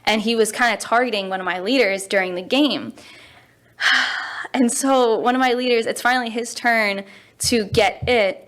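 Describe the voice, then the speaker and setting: A woman in her twenties, a youth pastor, telling funny stories in a casual interview, laughing often and jumping high in pitch for quoted voices. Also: moderate pace, a bit bright. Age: 20s.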